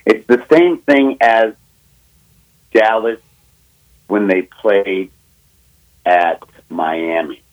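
A man talking on sports radio as a betting analyst, telling a story fast and with emphasis, acting out both sides of a phone call. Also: fairly low pitch.

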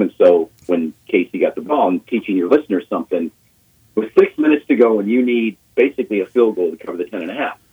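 A man in his sixties, a guest on sports radio, telling an animated story and acting out quotes, repeating himself as he goes. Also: sits low, breathy edge. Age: 60s. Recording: phone-line call on radio.

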